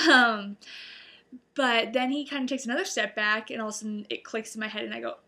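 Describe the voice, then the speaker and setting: A woman's voice: on the high side, steady tone, fast, bright, forceful tone. A young adult woman telling a personal story to camera in a chatty, giggly way, full of fillers and little laughs. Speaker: vlogger telling her proposal story.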